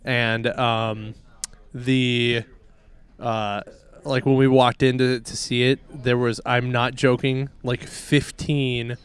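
A man with a smooth, resonant voice at a mid pitch. He chats casually with his co-host, adding short interjections and the odd story of his own. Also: little pitch movement, takes it slowly. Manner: brief interjections, laughs along. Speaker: podcast co-host. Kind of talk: casual chat.

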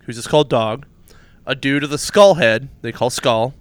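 With a mid-range voice at an ordinary pace, another man co-hosts a relaxed comic book podcast, retelling plots at length and chuckling at his own humor. The recording is dry.

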